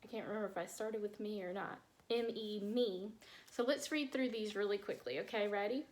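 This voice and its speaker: A woman teacher, slowly sounding out word parts in a phonics lesson for young children and praising them. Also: mid-range voice, a little mellow. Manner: slow, clear sounding-out of word parts, encouraging.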